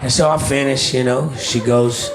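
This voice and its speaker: Male comic, gravelly voice, crude drawling storyteller, live club recording with crowd noise. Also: mid-range voice, fairly even intonation, moderate pace. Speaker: stand-up comedian. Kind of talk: stand-up set with crowd work. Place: comedy club stage. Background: audience laughter.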